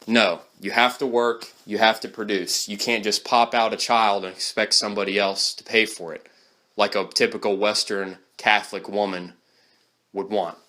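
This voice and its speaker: A man's voice: on the low side, steady tone, moderate pace, pushed and bright. A man giving a blunt, scornful opinion monologue straight to the camera. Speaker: vlogger.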